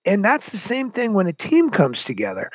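Animated, slightly high-voiced male guest. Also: normal speed, no room sound. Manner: animated storyteller, acts out quotes. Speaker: guest, former Navy commander. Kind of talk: interview storytelling. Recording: dull lo-fi sound.

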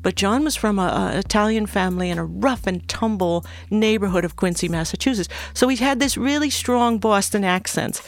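An older woman, a former recording technician, telling a story in an unhurried, reflective way as an interview guest. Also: medium pitch, no echo. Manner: unhurried and reflective, with small restarts.

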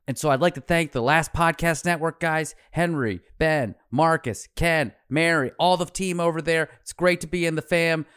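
Smooth-voiced male podcast host. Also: fairly high pitch, no room sound, studio quality. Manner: earnest, chatty, laughs often. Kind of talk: casual podcast chat.

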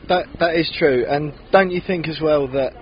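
A man's voice: a little high, normal speed, muffled recording, a little hiss or hum. A man hosting a podcast, chatting casually and with animation, recorded outdoors outside a city bar. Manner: chatty, animated, laughs often. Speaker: podcast host. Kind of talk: casual chat.

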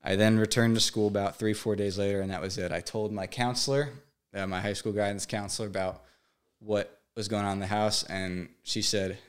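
A man in his twenties, a podcast guest, telling a painful personal story in a halting, emotional way, often repeating words. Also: fairly low pitch, little pitch movement. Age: 20s.

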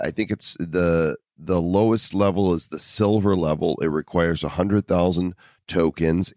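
A man's voice: deep voice, darkish tone, dry recording, clean studio sound. A man hosting a podcast in casual chat, joking and wordplaying while he reads sponsor lines. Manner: playful, punning, reads sponsor ads. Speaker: podcast host.

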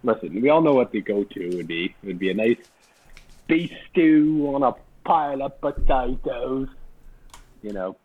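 A man co-hosting a casual podcast, joking and laughing often as he pitches his pick. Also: expressive, moderate pace, phone-quality sound. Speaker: podcast co-host. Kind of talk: casual banter.

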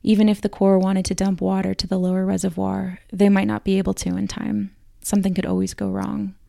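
A woman podcast host reading measured, scripted documentary narration. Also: medium pitch, level tone, gravelly, mellow, no room sound, clean studio sound.

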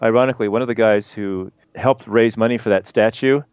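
Low-voiced man on a dull, dry line. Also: clean tone, no echo. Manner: animated with frequent restarts, quick bursts. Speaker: guest author and historian of science. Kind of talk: conversational explanation.

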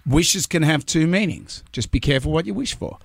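A man's voice: fairly high pitch, lively intonation, brisk, gravelly, breathy edge, dry recording, voice pushed up, heavily acted. An Australian man voicing a casual, matter-of-fact genie in a joke, offhand and a bit preachy. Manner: offhand, lecturing about responsibility.

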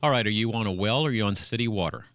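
On a home improvement call-in radio show, a man with a lowish, slightly bright voice talks very fast, chatting with callers and co-hosts in a folksy, storytelling style. It's casual talk captured on a studio mic with no room sound.

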